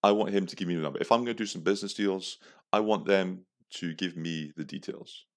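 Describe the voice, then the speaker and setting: Low-pitched and fairly quick, the young man hosting this podcast launches into a crude, foul-mouthed comic rant. He's casually telling a story in monologue form.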